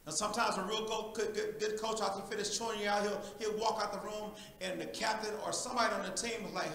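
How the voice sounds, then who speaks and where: A male pastor preaching a sermon in a church, animated and talking back and forth with the congregation. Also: high-pitched, quick pace, vocal fry, few pauses, very echoey, low-quality recording. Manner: animated, preachy call-and-response.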